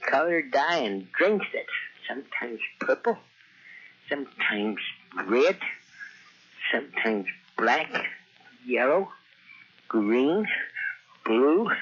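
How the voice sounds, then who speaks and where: A man's voice: medium pitch, fairly bright tone, exaggerated voice. A man voicing a giggling, whimsical oddball who drawls out silly thoughts on an answering machine. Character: giggling loopy man musing about the Easter bunny. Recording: dull tape with faint noise.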